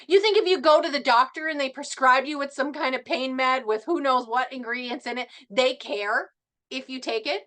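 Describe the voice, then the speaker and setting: A middle-aged woman speaking at a team meeting, animated and passionate, laughing often as she talks. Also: sits high. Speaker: network marketing team member.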